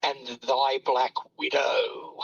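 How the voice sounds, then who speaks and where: A man co-hosting a casual live stream, reading out names and joining in relaxed banter over a muffled remote line. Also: mid-range voice, drawn-out words, gravelly, slightly rough.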